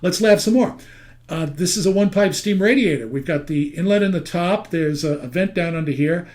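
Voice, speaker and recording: A man's voice: high-pitched, normal speed, a little mellow. An older man teaching a seminar, telling stories and cracking wry jokes. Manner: folksy storytelling, wry jokes to the audience. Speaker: seminar instructor on steam heating. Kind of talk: recorded seminar lecture.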